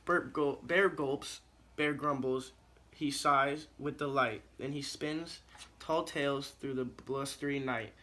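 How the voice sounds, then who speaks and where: A man's voice: mid-range voice, slow pace, bright, forceful tone, a little hiss or hum. A male teacher in a classroom reading a picture book aloud in a rhythmic, sing-song way, then giving instructions.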